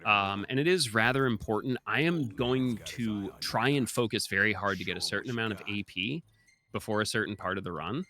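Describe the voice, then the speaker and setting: A man's voice: on the low side, fairly quick, sharp tone. A young man giving chatty, explanatory live commentary during a speedrun, with many filler ums.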